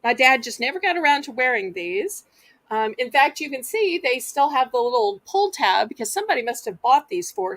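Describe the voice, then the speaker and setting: A woman's voice: a little high, fairly bright tone, no echo. A woman with a Southern US accent hosting a live online auction, chatting in a folksy way and talking straight to her viewers. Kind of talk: live-stream auction selling.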